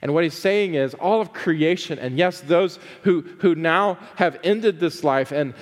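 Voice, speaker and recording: A male pastor preaching a sermon, casual asides with "uh" fillers that build to fervent, drawn-out emphasis. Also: fairly high pitch, in a large hall. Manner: conversational asides with frequent "uh" fillers.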